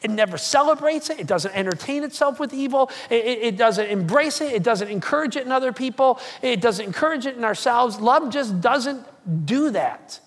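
Role: pastor. Style: sermon. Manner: animated storytelling, acts out quoted lines, jokey asides. Pitch: middle. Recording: long hall reverb in a church sanctuary. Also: normal speed, hardly any pauses.

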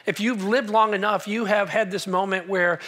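A man's voice: high-pitched, fairly even intonation, moderate pace, fairly bright tone. A man in his forties, a pastor giving a sermon in a church hall, telling a personal story with humor and speaking to the congregation. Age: 40s.

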